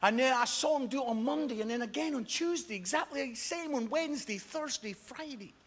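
A man preaching a lively sermon in a large church hall, animated and loud, often laughing and shouting between stories. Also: extremely high pitch, brisk. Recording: long hall reverb.

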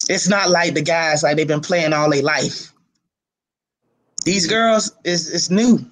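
A man from Miami with a high voice for a man, who coaches youth football. He chats casually in an interview and tells animated stories, often breaking into laughter. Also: slow pace.

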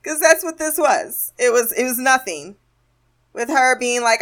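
A woman hosts a casual solo review podcast, her voice sitting a little on the high side. She talks sarcastically, laughs often and acts out the characters' lines as she goes. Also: unhurried, a bit bright. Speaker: podcast host.

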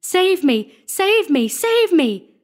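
A woman's voice: very high voice, big pitch swings, takes it slowly, pitched above the performer's own voice, heavily acted. A woman voicing a cowardly thieving male sexton who screams in panic. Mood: terrified screaming. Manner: shrieking in panic.

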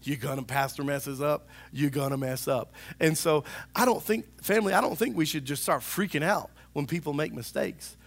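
A male pastor preaching a sermon in a church, animated and talking to the congregation, now and then acting out voices. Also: fairly high pitch, normal speed, creaky, hardly any pauses. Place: church sanctuary.

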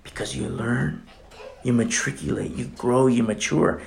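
Gravelly-voiced impassioned male preacher. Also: medium pitch, a little slow. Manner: impassioned, conversational, many fillers. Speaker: pastor. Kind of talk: sermon.

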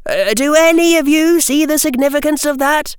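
A man voicing an earnest, intense young boy wizard, raising his voice into a higher register. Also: moderate pace, no room sound, studio quality.

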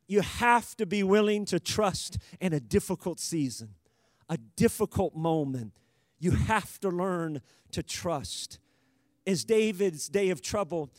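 A man with a high voice preaches a sermon with forceful emphasis. He builds to loud calls to the congregation. The sound is close and dry. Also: no echo. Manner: emphatic, rising to loud exhortation.

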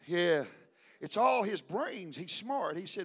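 An older male pastor, preaching a sermon with call-and-response, swinging from hushed talk to shouting. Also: high-pitched, animated, slow pace, slightly rough.

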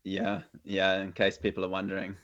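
A New Zealand man with a very low, deep voice chats easily as a guest on a video call, and he keeps stopping and restarting his sentences. The sound is dull and lo-fi. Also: normal speed. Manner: relaxed, hesitant, many fillers and restarts. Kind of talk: casual conversation. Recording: dull lo-fi audio.

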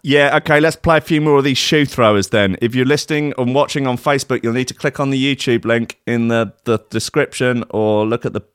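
A man's voice: medium pitch, brisk, few pauses, clear, resonant tone, no room sound, studio quality. A man hosting a streamed comedy show, ranting sarcastically and swearing in exasperation. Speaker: host.

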